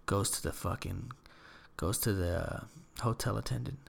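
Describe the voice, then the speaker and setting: A man hosting a podcast, telling a crude joke in a rambling, profane way and often dropping to a hush. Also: fairly low pitch, steady tone, a little slow, vocal fry. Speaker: podcast host.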